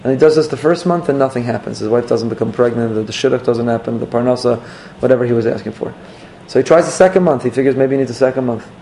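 Rabbi preaching, gravelly voice, slow emphatic storytelling, faint room hiss. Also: male voice, mid-range voice, a little mellow. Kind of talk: sermon.

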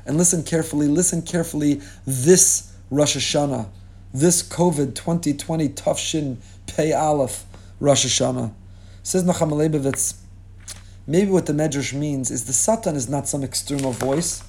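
A man's voice: fairly high pitch, mellow. Impassioned male rabbi preaching. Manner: impassioned, dramatic storytelling with rhetorical questions. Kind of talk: sermon.

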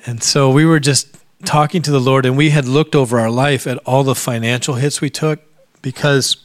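A middle-aged pastor preaches a sermon in a medium-pitched voice, sharing a personal testimony. He grows emotional and sometimes drops to a near-whisper. The recording is dry.

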